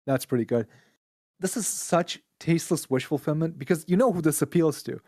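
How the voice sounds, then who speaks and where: A man's voice: a little high, fairly quick, mellow, no echo, clean studio sound. A man from Israel, a podcast guest, ranting bluntly and with plenty of swearing in casual chat.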